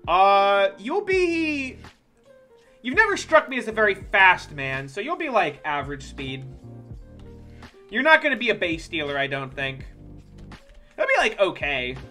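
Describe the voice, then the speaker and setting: A game streamer talking casually over gameplay. The voice is bright and sharp, and it swings widely in pitch. The delivery is jokey and profane, full of teasing asides to viewers. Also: big pitch swings, measured pace, pauses often, soft background music. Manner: joking, profane, chatty with viewers.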